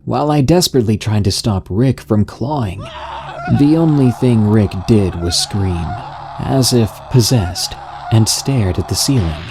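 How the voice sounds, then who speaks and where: A man narrating a scary story in a slow, even, scripted storytelling delivery. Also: lowish voice, over music.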